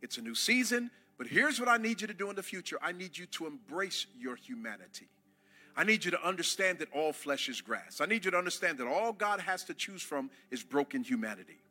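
A man preaching a sermon to a church congregation, impassioned, rising to shouts and calling on the crowd to answer. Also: on the high side, big pitch swings, fairly quick. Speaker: pastor.

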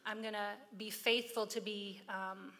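Bright-voiced middle-aged woman preaching. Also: mid-range voice, flat delivery, a little slow. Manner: earnest, with calls to the congregation. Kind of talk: sermon.

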